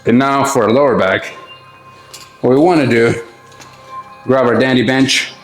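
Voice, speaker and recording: A man's voice: medium pitch, unhurried. A middle-aged man coaching a back workout, out of breath between sets and swearing casually as he explains each move. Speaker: fitness coach. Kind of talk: workout instruction. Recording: echoey room with faint music.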